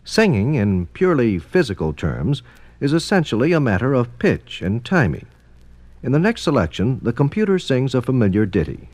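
A man's voice: mid-range voice, sing-song, moderate pace, a little mellow, no echo. Formal male documentary narrator. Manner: formal, explanatory. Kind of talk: scripted narration.

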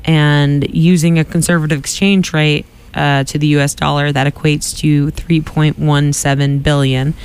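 A man's voice: on the high side, little pitch movement, moderate pace, hardly any pauses, clear, resonant tone. A man co-hosting a casual news chat show, chatty, laughing often and trailing off into fillers. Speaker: co-host.

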